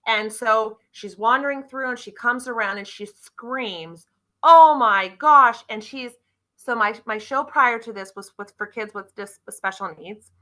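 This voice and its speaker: Podcast guest, woman, bright forceful voice, animated storyteller. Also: a little high, normal speed, rough recording. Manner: animated, acts out quotes in lively voices. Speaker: guest, car club member. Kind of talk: casual interview storytelling.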